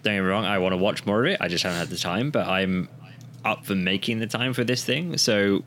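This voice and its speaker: A man co-hosting a podcast in casual chat, relaxed and agreeable, with lots of hesitant fillers. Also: lowish voice, fairly quick, a little hiss or hum. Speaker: podcast co-host.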